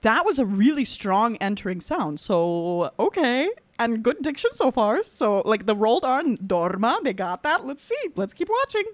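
A woman who is a trained opera singer giving excitable live reaction commentary, full of gasps and exclamations, then switching to calm vocal critique. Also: a little high, normal speed, few pauses. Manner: excitable, gasping exclamations, many "like"s.

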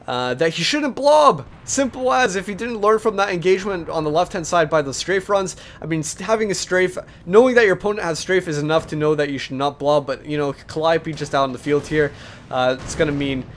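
A young man commenting on a strategy game replay, chatty and explanatory, with lots of filler words and sudden excited outbursts. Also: fairly high pitch, a little hiss or hum.

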